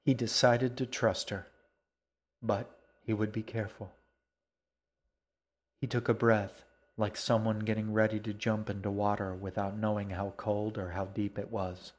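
A man narrating a children's story in a steady, even storytelling manner. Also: on the low side, unhurried, long pauses. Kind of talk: audiobook narration.

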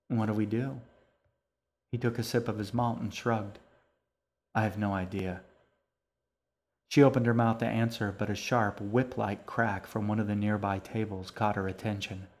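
A man narrating a story for an audiobook in a calm, measured way. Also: fairly low pitch.

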